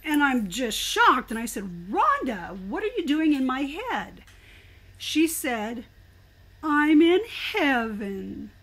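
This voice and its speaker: An older woman speaks as an interview guest, her voice pitched high. She tells her story with animated, expressive energy, in a casual conversational way. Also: takes it slowly.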